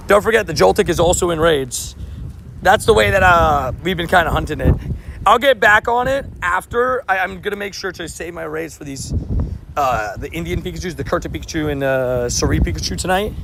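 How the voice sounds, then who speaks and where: Upbeat young man livestreaming outdoors, gravelly. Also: sits high, expressive, normal speed, background noise. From not from New York. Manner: upbeat, chatty, laughs often, restarts sentences. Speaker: livestreamer playing a mobile game outdoors. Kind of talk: casual live-stream chat.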